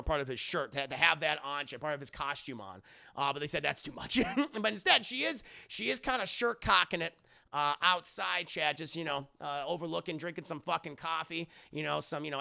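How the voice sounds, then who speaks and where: A man's voice: fairly high pitch, creaky, pushed and bright, no room sound, studio quality. A man casually recapping a movie on a live stream, rambling and profane and talking to chat. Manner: rambling and profane, full of fillers, addresses chat.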